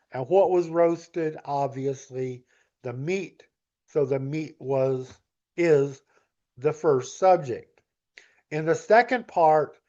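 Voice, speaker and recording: A man with a slightly high voice explains a grammar exercise at a very slow, deliberate pace. He sounds like a patient teacher talking students through each step. The recording is dull and lo-fi. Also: a little mellow. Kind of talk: recorded grammar lesson walkthrough.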